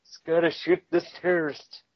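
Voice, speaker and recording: A man voicing a kindly old grandfather soldier who talks slowly and obligingly, on a dull lo-fi recording. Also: on the high side, level tone, voice pushed up, lightly acted. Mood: doddering. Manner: slow, doddering, gently obliging.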